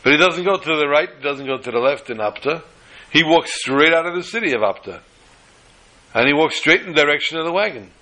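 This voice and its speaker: A man telling a story aloud, acting out the characters' lines with a raised, excited voice. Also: fairly high pitch, fairly quick, low-quality recording. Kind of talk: animated oral storytelling.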